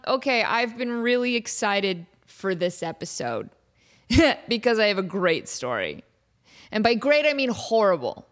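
A young adult woman hosting her podcast, telling stories in a casual, animated, self-mocking way, laughing often. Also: medium pitch. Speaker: podcast host. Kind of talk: casual storytelling monologue.

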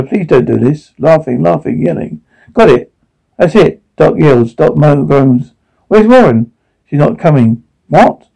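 A man reading subtitles and sound cues aloud in an even, uninflected way, giving dialogue and sound descriptions the same delivery. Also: mid-range voice, creaky, rough recording. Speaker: caption reader.

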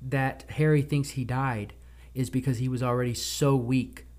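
A man's voice: medium pitch, fairly even intonation, a little mellow. Chatty male podcast co-host. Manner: chatty, retells scenes with quick impressions. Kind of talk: casual film discussion podcast.

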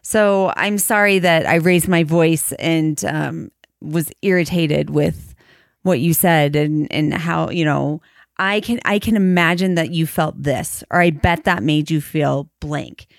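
A woman in her thirties co-hosting a faith podcast, talking in a thoughtful, measured way and slowing down to spell out examples. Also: low voice, vocal fry, dry recording, clean studio sound. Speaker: podcast co-host. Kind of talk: casual conversation about marriage and faith.

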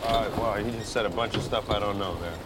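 A man's voice: lowish voice, fairly even intonation, heavy background noise, close to an everyday voice. An actor playing a dim, goofy young man learning to sail, joking and whining when scolded. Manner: slow-witted, joking, whiny when scolded. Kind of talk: sitcom acting.

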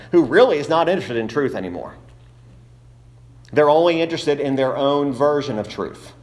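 A man preaching a sermon as pastor, earnest, reading scripture aloud in old King James wording. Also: medium pitch.

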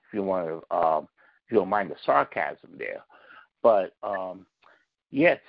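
Gravelly, husky man talking politics. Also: on the low side, dry recording, lo-fi sound. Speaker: podcast guest. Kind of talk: casual political discussion.

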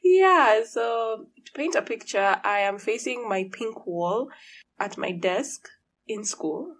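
A young woman hosts her podcast in a relaxed, chatty way, laughing often and speaking slowly in a hoarse, tired morning voice. The room is echoey with a high ceiling, and a noisy fridge hums in the background.

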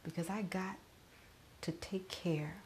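A middle-aged woman podcaster giving a personal spoken reflection while grieving, often dropping to a soft whisper. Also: lowish voice, fairly even intonation, takes it slowly, slight background noise.

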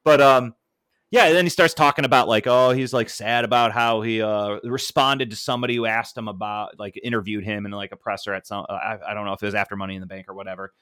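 A man co-hosting a casual wrestling podcast, animated and quick to laugh, often mimicking shouting fans as he tells a story. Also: on the low side, clear, resonant tone, no echo, studio quality. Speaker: podcast co-host.

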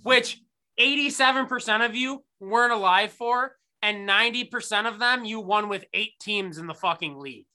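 A man's voice: sits high, moderate pace, sharp tone. A man in his thirties co-hosting a podcast, ranting sarcastically and swearing through casual sports chat. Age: 30s. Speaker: podcast co-host.

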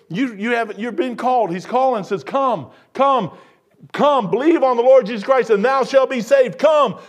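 A high-pitched pastor in his sixties preaches with folksy animation, shifting from soft asides to loud bursts. He gives voice to the characters in his stories himself.

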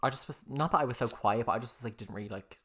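Fast-talking teasing young man. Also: medium pitch, a bit bright, breathy edge. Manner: teasing, quick interjections and laughs. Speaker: podcast co-host. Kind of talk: casual chat.

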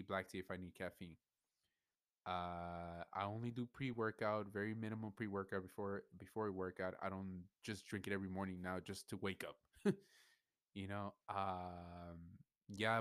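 A young man pours out his feelings in a rambling podcast monologue, swearing and tripping over his own restarts. His voice sits low. The sound is dry and close, with no room echo. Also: fairly bright tone. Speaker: podcast host. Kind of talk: personal venting monologue.

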